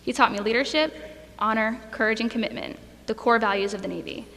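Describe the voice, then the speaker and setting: A woman's voice: a little high, brisk, gravelly, fairly bright tone. A young woman, a graduating student, giving a heartfelt speech and fighting back tears at a school ceremony. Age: young adult. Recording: echoey hall, faint noise.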